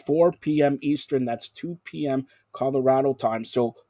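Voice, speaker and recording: A man's voice: medium pitch, normal speed, warm tone, no echo, studio quality. A man hosting a live sports talk show, chatty and rambling like an announcer.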